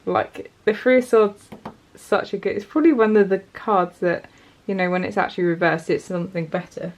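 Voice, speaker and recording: A woman's voice: mid-range voice, normal speed. Brief: woman, tarot reader, casual and encouraging, mid-range voice, speaks directly to her viewers. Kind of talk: casual pick-a-card tarot reading.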